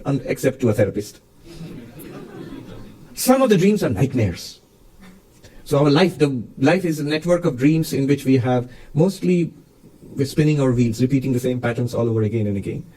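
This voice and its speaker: A man's voice: medium pitch, brisk, far from the mic, rough recording. Man giving a spiritual talk from afar. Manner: storytelling, lively and emphatic. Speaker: monk and spiritual teacher. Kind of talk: spiritual talk answering a question.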